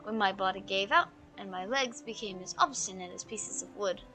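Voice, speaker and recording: A woman's voice: medium pitch, normal speed, pushed and bright, faint music behind, lightly acted. A woman voicing a pompous, aging male art curator in a put-on British accent, reading game dialogue aloud with grandiose, theatrical phrasing. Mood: rueful.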